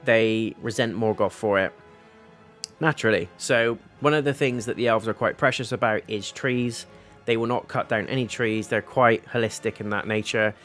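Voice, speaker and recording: A man's voice: on the low side, moderate pace, fairly bright tone, soft background music. A man hosting a casual TV episode review, retelling the plot in a rambling way, with paraphrased quotes, fillers and some blunt swearing. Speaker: TV reviewer, channel host.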